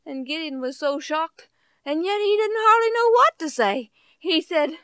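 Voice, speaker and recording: A woman telling a Bible story in an animated, folksy way, full of exclamations. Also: very high voice, measured pace, no room sound.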